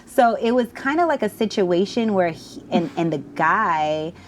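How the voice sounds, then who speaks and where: A young woman from New Jersey, a podcast host, telling a personal story in lively, slangy casual chat. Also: mid-range voice, unhurried, a little hiss or hum. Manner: animated storyteller, slangy, many "like" fillers.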